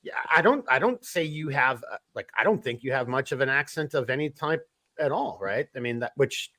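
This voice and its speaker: A man's voice: mid-range voice, expressive, brisk, bright, forceful tone, no room sound, studio quality. A man with a Minnesota accent hosting a podcast, joking and swearing in casual banter. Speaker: podcast host. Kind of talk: casual chat.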